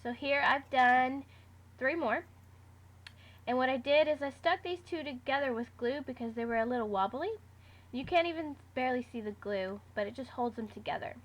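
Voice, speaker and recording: A woman's voice: high-pitched, normal speed. Chatty woman explaining a craft project. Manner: chatty, step-by-step instructions with fillers. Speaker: craft vlogger. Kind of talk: casual how-to tutorial.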